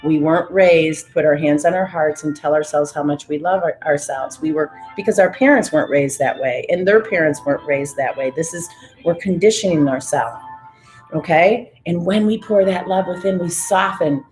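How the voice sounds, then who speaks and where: A woman's voice: low voice, moderate pace, darkish tone, faint music behind, poor audio. A woman leading a live class, guiding breathing and affirmations in an upbeat coaching manner, calling out viewers by name. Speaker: fitness and breathwork instructor.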